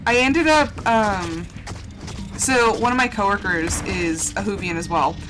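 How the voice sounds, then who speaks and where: A woman's voice: medium pitch, unhurried, fairly bright tone. A young woman chatting casually while she streams a game live, gushing and emotional, laughing often and exclaiming a lot. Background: game music.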